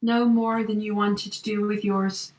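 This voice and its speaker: A smug, silver-tongued villain coaxes a hero to switch sides, smooth and condescending, as a woman game master plays him. The voice sits at an ordinary middle pitch and rings with room echo. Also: little pitch movement, a little slow, darkish tone, far from the mic, close to an everyday voice. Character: scheming male wizard villain tempting a hero.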